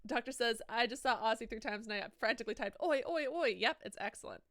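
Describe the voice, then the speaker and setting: Bright-voiced, swearing woman streamer. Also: fairly high pitch, fast talker. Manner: swears freely, reads chat aloud and reacts to it. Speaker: live streamer. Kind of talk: casual live-stream chat while gaming.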